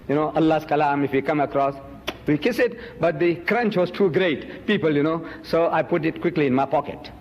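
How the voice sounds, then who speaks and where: A man giving an emphatic, accusing public lecture, jumping sharply up in pitch on key words. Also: a little mellow, in a large hall, dull audio. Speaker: Muslim preacher and debater.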